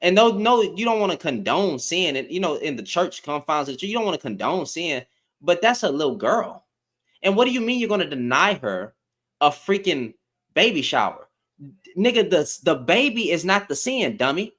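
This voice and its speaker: A man's voice: a little high, normal speed. Fired up guy ranting on his live, voice jumps all over, keeps repeating himself. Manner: animated and exasperated, repeats phrases, swears. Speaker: live stream host. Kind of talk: heated commentary.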